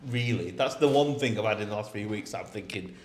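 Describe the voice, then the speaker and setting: A man's voice: lowish voice, fast talker, echoey room. A man co-hosting a podcast in casual chat, rambling and often laughing. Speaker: podcast co-host.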